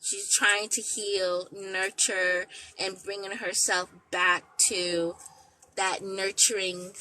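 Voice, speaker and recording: Slow, bright-voiced woman giving a tarot reading. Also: medium pitch, flat delivery, a little hiss or hum, low-quality recording. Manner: relays spirit messages as quotes, meandering and slow. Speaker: intuitive tarot reader. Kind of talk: live psychic reading. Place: outdoors at a beach.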